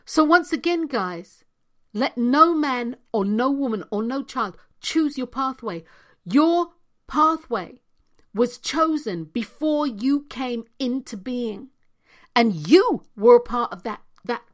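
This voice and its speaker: A spiritual coach gives a motivational talk to her viewers, hiccuping as she speaks. Her voice is on the high side, animated and slow, and she repeats key phrases with emphasis, sometimes dropping almost to a whisper.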